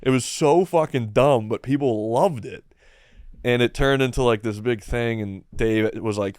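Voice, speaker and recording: Young male podcast guest, casual rambling storyteller, self-deprecating, smooth clear voice, dry close sound. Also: medium pitch, normal speed, a little mellow, no echo.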